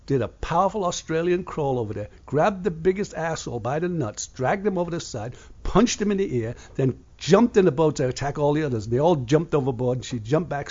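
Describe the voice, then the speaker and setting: A man's voice: mid-range voice, warm tone, slightly rough, dull audio. An older man from England hosting a radio show, talking in a blunt, profane, rambling way.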